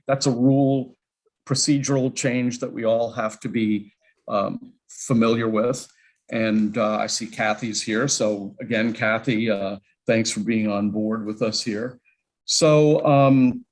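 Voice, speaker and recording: A man's voice: fairly low pitch, low-quality recording. A man chairing a legislative committee, giving rambling opening remarks and often correcting himself mid-sentence over a video call.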